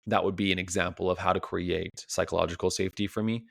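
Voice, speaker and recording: A man's voice: sits low, little pitch movement, fast, creaky, no echo, clean studio sound. A man as a relationship coach, giving a reflective solo podcast talk full of rhetorical questions, often tagged with "right?".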